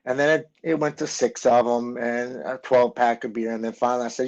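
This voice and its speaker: A man in his forties telling his personal story in an earnest, emotional way, often halting and restarting. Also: mid-range voice, flat delivery, creaky, dull audio.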